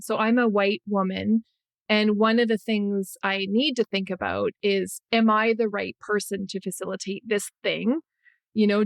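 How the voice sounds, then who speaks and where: Woman host, gravelly, reflective, dry close sound. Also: medium pitch, no room sound. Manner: thoughtful, searching, thinks aloud. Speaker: podcast host. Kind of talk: conversational interview.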